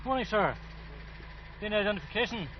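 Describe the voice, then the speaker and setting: An actor playing a brisk, courteous male checkpoint official. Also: sits high, expressive, muffled recording, background noise.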